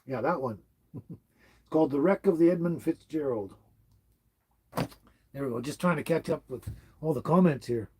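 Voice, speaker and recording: A man's voice: fairly high pitch, normal speed, long pauses, a little mellow, slight background noise. A man in his seventies from Canada hosting a casual livestream, rambling along as he reads out viewers' comments. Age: 70s. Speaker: livestream host. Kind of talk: casual live-stream chat.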